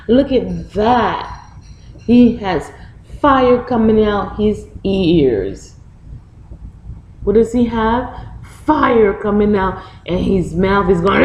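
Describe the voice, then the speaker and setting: A woman reads a picture book to young children as a storytime lesson, animatedly asking them questions and acting out reactions. Her mid-range voice goes slowly, and the rough recording has a roomy sound with a little hiss or hum.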